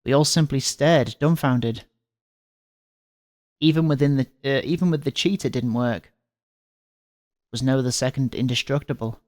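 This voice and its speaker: A man's voice: medium pitch, normal speed, long pauses, a little mellow, dry recording, clean studio sound. A man giving a dramatic reading, with joking asides between the lines. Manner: reads in dramatic voices, breaks off for muttered jokes. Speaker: streamer reading a visual novel aloud.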